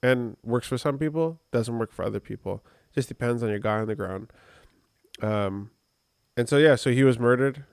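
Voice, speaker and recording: A man's voice: medium pitch, moderate pace, creaky, dry recording, studio quality. A man co-hosting a podcast, telling a personal story in a rambling, conversational way with many fillers. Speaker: podcast co-host. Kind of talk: casual podcast chat.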